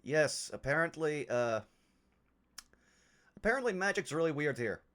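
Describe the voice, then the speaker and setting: A man's voice: a little high, big pitch swings, measured pace, a bit bright, voice pushed up. A man voicing Branson, a weary, wary bard in a tabletop game, with a dry, understated delivery.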